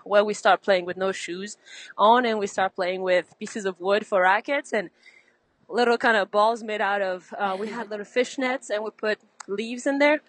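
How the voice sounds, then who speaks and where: A woman's voice: mid-range voice, moderate pace, low-quality recording. Slightly breathless woman tennis coach. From Benin. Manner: lively storyteller, laughs often. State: a little out of breath. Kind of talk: casual interview chat.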